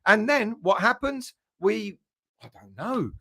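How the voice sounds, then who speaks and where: A man's voice: high-pitched, expressive, slow, pushed and bright. A man hosting a football fan livestream, rambling and chatty as he greets viewers by name. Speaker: fan channel host. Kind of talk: casual livestream chat.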